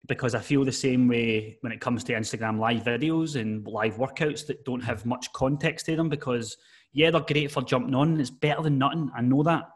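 A man, a personal trainer guest on a casual podcast, giving earnest, emphatic advice and often calling his host "mate". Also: mid-range voice.

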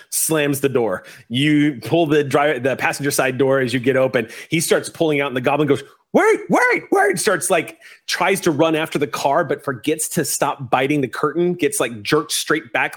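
Man narrating a tabletop game. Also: medium pitch. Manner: animated, laughing, swears freely. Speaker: game master.

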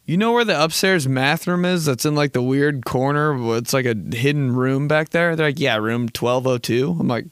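A man's voice: on the high side, normal speed, few pauses, clean tone, no room sound. A young man in his twenties hosting a podcast, joking and rambling in a laid-back, casual way and swearing often. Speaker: podcast host. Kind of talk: casual comedic monologue.

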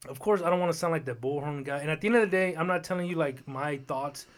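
A man co-hosting a casual podcast chat, rambling and lively, full of fillers and restarts. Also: a little high, quick pace. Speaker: podcast co-host.

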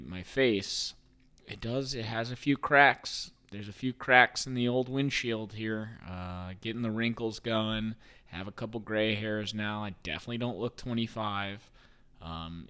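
Low-voiced, joking man in his thirties. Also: a bit bright, smooth. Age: 30s. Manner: profane, rambling, joking. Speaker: podcast host. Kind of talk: casual sports talk.

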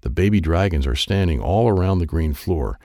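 A man narrating a children's story in an expressive, playful read with sound effects. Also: sits low, moderate pace, no room sound, clean studio sound. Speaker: audiobook narrator.

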